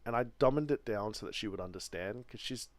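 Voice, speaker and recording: A man's voice: lowish voice, a little fast, dry recording. Rambling Australian man telling stories. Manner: rambling storyteller, frequent restarts. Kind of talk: casual chat.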